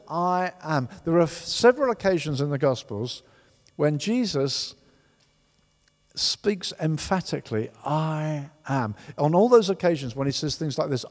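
A man preaching a sermon as a pastor, emphatic and animated, often repeating words for stress. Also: a little high. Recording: long hall reverb.

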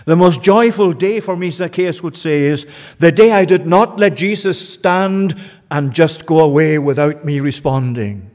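A man's voice: fairly high pitch, unhurried, a little mellow, big-room sound. A male pastor preaching a sermon with earnest, urgent, pleading appeals to his listeners.

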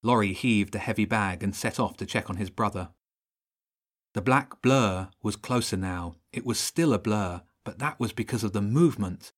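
A man reading a children's audiobook in steady, measured narration. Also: fairly low pitch.

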